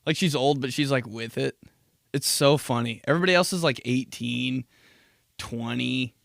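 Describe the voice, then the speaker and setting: Young male podcast host, gravelly, dry close mic, loose profane rambling. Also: medium pitch, moderate pace, a bit bright, no room sound. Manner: rambling, laughing, profane storytelling. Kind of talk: casual solo podcast monologue.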